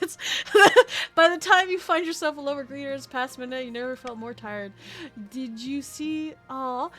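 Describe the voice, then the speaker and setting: High, bright-voiced giggly woman streamer. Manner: giggly, chatty, animated reactions. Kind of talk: live game stream commentary and reading aloud.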